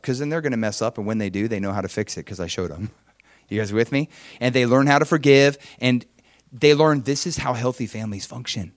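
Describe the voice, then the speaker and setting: A man's voice: mid-range voice, brisk, dry recording, clean studio sound. A man preaching a sermon as pastor, emphatic and conversational, often checking in with his listeners. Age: adult father with children.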